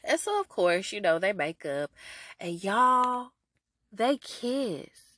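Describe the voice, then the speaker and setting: A woman's voice: medium pitch, takes it slowly, dry recording. Stuffy-nosed chatty woman recapping a show. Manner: animated, chatty, addresses listeners as y'all. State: stuffy nose from a cold. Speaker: podcast host recapping a TV episode. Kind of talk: casual chat.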